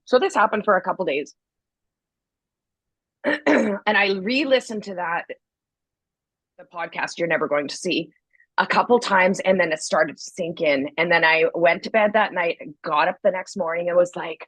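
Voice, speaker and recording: A woman's voice: fairly low pitch, normal speed, slightly rough, dry recording, low-quality recording. A woman co-hosting a podcast, telling a story candidly and acting out what people said, with a slight cold. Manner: candid, animated storytelling with acted-out quotes. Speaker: podcast co-host. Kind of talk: casual chat.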